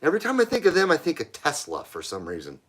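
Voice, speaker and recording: Profane, lively-voiced male stream host. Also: fairly high pitch, fast. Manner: blunt, profane, laughs often. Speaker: live stream host reading chat. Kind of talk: casual live stream chat.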